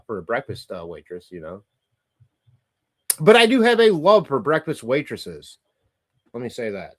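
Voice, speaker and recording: A middle-aged man hosting a livestream, reading chat comments aloud and ranting casually with profanity and frequent laughter. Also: medium pitch.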